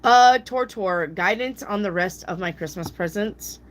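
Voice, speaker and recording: A woman giving casual live tarot readings responds to viewers with bluntness, plenty of swearing and high-voiced mimicry of people. Her pace is a little slow.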